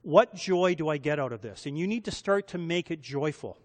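A man preaching in a relaxed, conversational sermon. His voice sits a bit high for a man and rings out with the long reverb of a big hall. He keeps asking his listeners questions. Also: normal speed. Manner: conversational, asks the audience rhetorical questions. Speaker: pastor.

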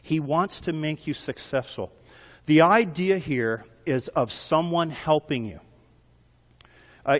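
A man preaches with earnest emphasis, stacking one repeated phrase on another. His voice sits a touch higher than most men's. A long reverb trails each phrase through the hall. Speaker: pastor. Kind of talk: sermon.

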